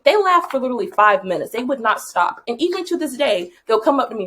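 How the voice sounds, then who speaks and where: A woman who teaches high school, co-hosting a podcast and telling classroom stories in casual chat, expressive and lively. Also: quick pace, hardly any pauses.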